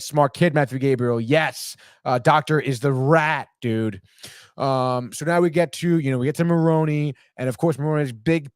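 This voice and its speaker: A young man hosting a podcast and excitedly recapping a TV episode, swearing often and acting out the characters' lines. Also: medium pitch, no echo, studio quality. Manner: excitable, says "dude" constantly, swears, acts out the characters' lines. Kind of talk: casual chat.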